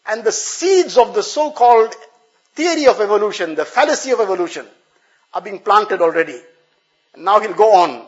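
A man's voice: sits high, expressive, moderate pace, highs cut off. A male preacher giving an earnest, explanatory sermon, repeating phrases for emphasis.

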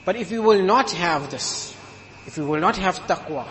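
A man's voice: high voice, lively intonation, normal speed, fairly bright tone. A man delivering an emphatic sermon in a mosque, illustrating his points with humorous stories. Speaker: preacher. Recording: long hall reverb.

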